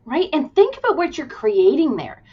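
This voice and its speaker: A woman's voice: high voice, normal speed. A woman guest, an early-childhood educator, talking casually and animatedly about classroom stories. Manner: animated, acts out quotes while telling classroom stories. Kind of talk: casual conversation. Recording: dull lo-fi remote audio.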